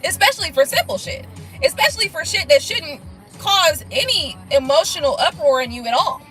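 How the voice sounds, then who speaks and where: A woman chats through viewer comments on a casual live stream, blunt and profane, laughing things off. Her voice sits high and bright. Soft music plays faintly underneath. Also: sing-song, brisk, poor audio. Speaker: tarot reader on a live stream.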